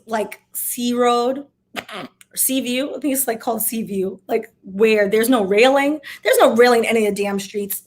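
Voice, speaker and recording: A young woman from Miami, chatting casually as she answers viewer questions, with sassy, wry asides. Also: a little high. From Miami, USA. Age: young adult. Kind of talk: casual Q&A chat.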